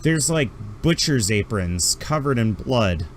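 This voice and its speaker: A man's voice: mid-range voice, lively intonation, slow pace, a little hiss or hum. A man narrating a tabletop game as game master, rambling through descriptions with fillers.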